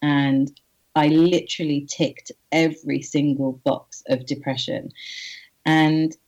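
Woman guest, low voice, halting and earnest, kinda muffled recording. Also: steady tone, a little mellow. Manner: halting, earnest, with frequent restarts. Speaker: interview guest. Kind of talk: candid personal storytelling. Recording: slightly muffled audio.

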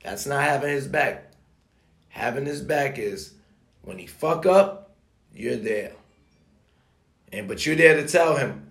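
Gravelly-voiced man, emphatic and foul-mouthed preacher of self-worth, roomy echo. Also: a little high, lively intonation, unhurried, pauses often, fairly bright tone. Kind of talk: motivational rant. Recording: echoey room.

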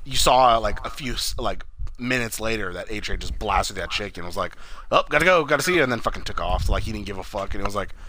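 A man with a lowish voice and a forceful, bright edge talks casually. He rambles through a recap, leaning on fillers and swearing freely. A faint hiss sits under the recording. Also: fairly even intonation, a little fast. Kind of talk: casual chat.

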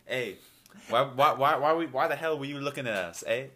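A man's voice: medium pitch, a little fast, sharp tone, pitched above the performer's own voice, lightly acted. A young man putting on a mocking young British street kid, taunting in a mock British accent.

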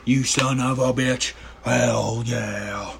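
A man putting on an impression of a brash, gruff tough-guy wrestler, drawling slowly. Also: mid-range voice, fairly even intonation, noisy background. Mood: growling.

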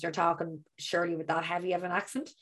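A woman's voice: on the low side, flat delivery, quick pace, fairly bright tone. A woman co-hosting a podcast, chatting casually, teasing her friend, laughing often and swearing now and then. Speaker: podcast co-host. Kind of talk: casual chat.

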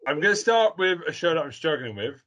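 Excitable man on a video call. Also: on the high side, a little fast. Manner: excitable, swears freely, jokey. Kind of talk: casual chat.

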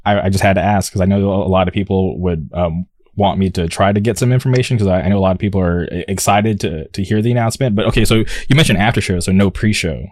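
A man's voice: low-pitched, fast talker, darkish tone, no room sound, studio quality. A man interviewing, asking his questions with hesitant stammering. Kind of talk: casual interview.

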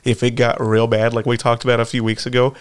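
A man's voice: medium pitch, little pitch movement, fast, clear, resonant tone. A man with a mid-range voice, telling goofy stories on a casual podcast. He laughs often and swears freely as he jokes. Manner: joking, laughing storyteller. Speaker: podcast co-host. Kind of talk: casual chat.

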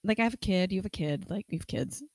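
A woman's voice: mid-range voice, fast talker, dry recording. Foul-mouthed laughing woman podcaster. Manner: profane, blunt, laughs often. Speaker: podcast co-host. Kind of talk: casual chat.

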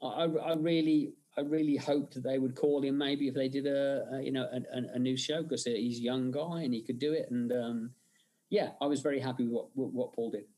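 Man, interview guest, mid-pitched voice, rambling storyteller, chatty podcast talk. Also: fairly even intonation, a little fast, warm tone. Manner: rambling storyteller, frequent fillers and restarts. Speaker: guest, film director and effects artist. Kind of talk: conversational interview.

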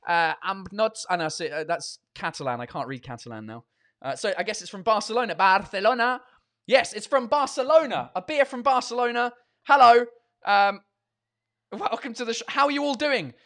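Sweary, chatty man with a high voice. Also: lively intonation, fairly quick, sharp tone. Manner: swears freely, self-mocking, chatty with many fillers. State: tired. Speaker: comedy podcast and livestream host. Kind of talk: casual rambling chat.

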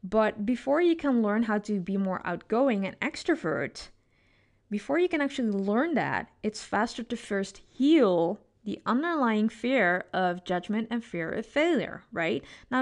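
Expressive woman podcast host coaching. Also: fairly high pitch. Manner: expressive, coaching tone with frequent "right?" tags. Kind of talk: solo podcast monologue.

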